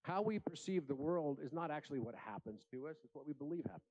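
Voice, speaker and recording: A man's voice: on the high side, animated, fast, dull audio. A man giving an earnest, inspirational keynote speech at a conference, telling stories in a large room. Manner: earnest, storytelling with acted voices. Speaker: conference speaker.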